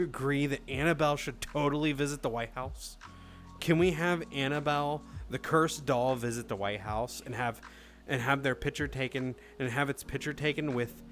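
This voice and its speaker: A man's voice: on the high side, a bit bright. A man in his thirties chatting casually on a live stream, swearing freely and answering chat.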